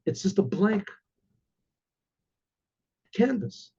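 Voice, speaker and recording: A man, a rabbi, telling a story in a lively way and clearing his throat often. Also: sits high, very slow, highs cut off. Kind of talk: oral storytelling.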